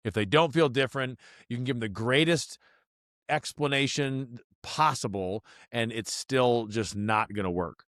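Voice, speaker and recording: A man's voice: mid-range voice, measured pace, fairly bright tone, no room sound, studio quality. A man who is a chiropractor and teacher, guesting on an interview show, talking casually and bluntly with the odd curse while he explains at length. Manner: blunt, swears casually, explains in long runs. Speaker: podcast guest, chiropractor and DNS instructor.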